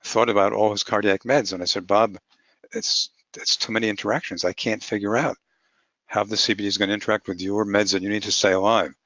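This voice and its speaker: A man's voice: lowish voice, steady tone, brisk, fairly bright tone, no room sound. A man presenting a webinar lecture as a physician, talking plainly through clinical cases step by step. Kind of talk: webinar lecture on cannabis medicine. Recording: muffled lo-fi webinar audio.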